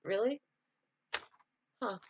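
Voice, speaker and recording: A woman's voice: very slow, darkish tone, no echo, muffled recording. A woman hosting a casual live stream, chatting loosely, laughing often and answering viewer comments.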